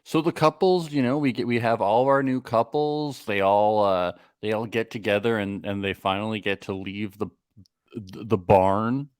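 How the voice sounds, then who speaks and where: A man's voice: lowish voice, normal speed, clean tone, no echo, clean studio sound. A man co-hosting a casual comedic podcast recap, joking and swearing freely. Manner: jokey, swears freely, slips into silly voices. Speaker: podcast co-host.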